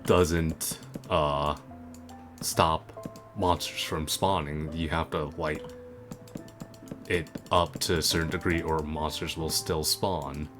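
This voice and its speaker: A man with an extremely deep voice talks through his gameplay at an unhurried pace. He wanders between thoughts, dropping "uh" and "like" as he goes. Game music plays clearly beneath him, with keys clicking now and then. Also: steady tone. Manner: rambling, full of fillers and self-corrections. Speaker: gaming video creator. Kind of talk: casual gameplay commentary. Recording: game music playing underneath.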